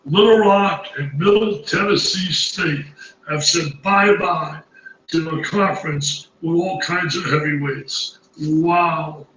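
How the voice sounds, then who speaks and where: A man's voice: fairly high pitch, a bit bright, roomy sound, far from the mic, highs cut off, slight background noise. A man reacting as a college basketball analyst, exclaiming emphatically and repeating his phrases in disbelief. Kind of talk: excited studio reaction commentary.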